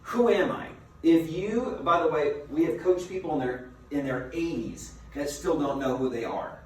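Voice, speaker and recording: A man giving a motivational seminar as a business coach, a lively storyteller who asks his listeners rhetorical questions. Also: a little high, moderate pace. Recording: very echoey room, mic far off, faint noise.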